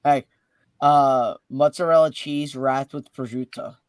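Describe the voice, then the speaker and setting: A man's voice: mid-range voice, fairly even intonation, unhurried, noisy background. A man chatting casually on a podcast, earnest and slightly fumbling his words. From Italian-American family. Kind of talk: casual chat.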